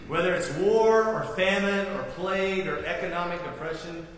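A man's voice: high-pitched, normal speed, fairly bright tone, slight background noise. A man preaching a sermon as pastor, earnestly calling the listeners beloved and asking them rhetorical questions. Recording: echoey hall from far off, faint ambience.

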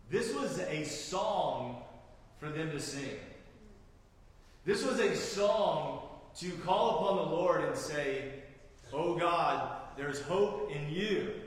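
A man preaching a sermon as pastor, earnest, with dramatic emphasis when he voices the prophet's cries. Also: on the high side. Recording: echoey hall from far off.

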